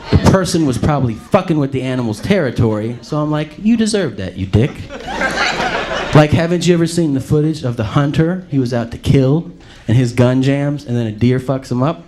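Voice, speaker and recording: A middle-aged man doing stand-up, telling profane stories and acting out characters in an animated way. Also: medium pitch. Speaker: stand-up comedian. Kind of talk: stand-up comedy storytelling. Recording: live stand-up set with background noise.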